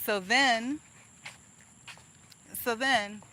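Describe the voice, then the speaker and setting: A woman's voice: on the high side, fairly even intonation, drawn-out words, pushed and bright, slight background noise, low-quality recording. A woman venting angrily in a casual vlog monologue, rambling with restarts and laughs. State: angry. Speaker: vlogger.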